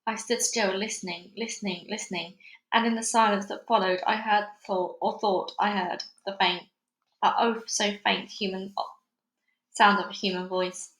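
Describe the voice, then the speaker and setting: A woman's voice: medium pitch, steady tone, moderate pace, fairly bright tone. Woman reading a children's book aloud. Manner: casual, chatty with fillers. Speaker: read-along narrator. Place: busy house. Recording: echoey room at home.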